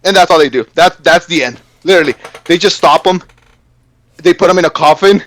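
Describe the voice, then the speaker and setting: A man in a casual, profane rant, animated and stammering through his complaints. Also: on the high side, fairly quick.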